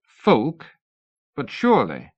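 A man reading a suave, cordial Victorian gentleman journalist with a polite, genteel manner. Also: mid-range voice, lively intonation, moderate pace, lo-fi sound, pitched above the performer's own voice. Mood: feigned shock. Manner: polite, genteel, feigning innocence.

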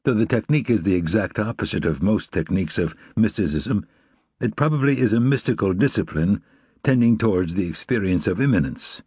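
Male audiobook narrator, low and slightly husky voice, dry close recording, measured reflective read. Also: expressive, darkish tone, no echo. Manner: measured, reflective, evenly paced reading. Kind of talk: scripted narration.

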